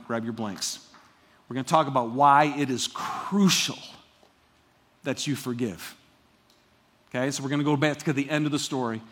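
High, bright-voiced male preacher. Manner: conversational and emphatic, with frequent asides. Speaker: pastor. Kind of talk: sermon.

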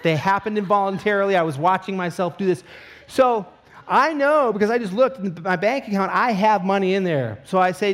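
A middle-aged man preaching a sermon, telling a comic personal story with animated asides before turning to scripture. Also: sits high, brisk. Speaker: pastor.

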